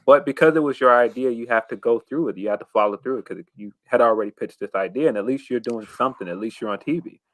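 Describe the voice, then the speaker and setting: A man's voice: mid-range voice, fast talker, hardly any pauses, fairly bright tone, dry recording. A man co-hosting a casual wrestling talk show, thoughtful and hesitant, with plenty of fillers. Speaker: podcast co-host.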